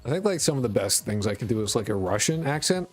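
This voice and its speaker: A man with a blended New York, Boston and Connecticut accent rambles through casual live-stream chat, peppering it with swearing and self-deprecating asides. His voice is mid-pitched and ordinary for a man, and faint music plays quietly underneath. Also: very animated, fast talker. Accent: mixed New York, Boston and Connecticut. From rural Connecticut, US. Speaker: game dev streamer.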